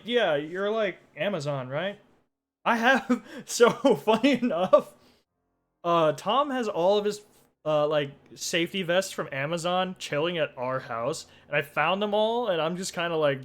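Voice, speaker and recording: A man's voice: sits high, lively intonation, a little slow, soft background music. A young man chatting casually on a live stream, laid-back and rambling as he talks with his group.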